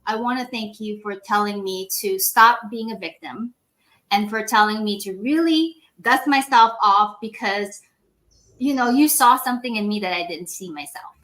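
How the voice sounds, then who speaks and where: A woman in her forties, a medical device sales rep guesting on a podcast, telling stories in a casual, animated way, laughing often and acting out quoted dialogue. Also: medium pitch, moderate pace. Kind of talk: casual storytelling interview.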